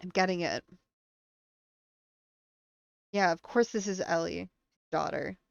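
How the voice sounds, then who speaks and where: A woman streamer commenting live on a game, reading on-screen text aloud between quick reactions. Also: lowish voice, vocal fry, no echo, highs cut off.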